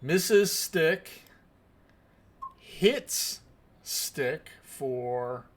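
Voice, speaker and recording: A man narrating combat as game master of a tabletop game, in a deliberate, measured way. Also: on the high side, expressive, a bit bright.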